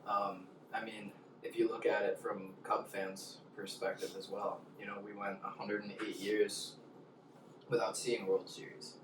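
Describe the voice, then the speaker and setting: A man from the Chicago area co-hosting a casual hot wing interview, relaxed and quick to laugh. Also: on the low side, noisy background. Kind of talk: casual chat. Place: home room. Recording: echoey room, mic far off.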